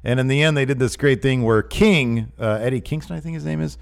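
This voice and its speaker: A man's voice: medium pitch, brisk, creaky, clean tone. A man co-hosting a podcast, chatting casually about wrestling news with lots of fillers and an amused, rambling manner. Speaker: podcast co-host.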